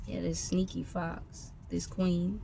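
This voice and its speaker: Gravelly, profane tarot reader. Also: medium pitch, completely flat delivery, slow pace, warm tone. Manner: loose, profane, free-associating commentary. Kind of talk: casual intuitive reading. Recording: noisy background with vehicle sounds.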